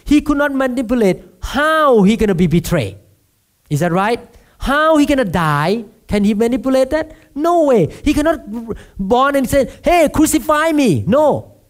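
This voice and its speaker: A man's voice: extremely high pitch, very animated, normal speed. A man from Thailand with a Thai accent, preaching a sermon as pastor and regularly asking the congregation to answer back. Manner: asks the congregation for responses, self-deprecating humor.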